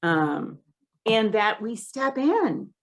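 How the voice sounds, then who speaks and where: A woman's voice: mid-range voice, very animated, extremely slow, creaky. A woman co-hosting a podcast, talking in a thoughtful, hesitant way with many fillers in a casual discussion.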